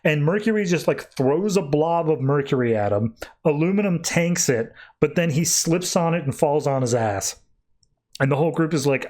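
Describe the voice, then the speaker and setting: A man's voice: a little high, animated, darkish tone. A man hosting a podcast, recapping a comic book issue in a loose, casual way with many fillers. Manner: loose and chatty, many fillers, quick bursts. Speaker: podcast host.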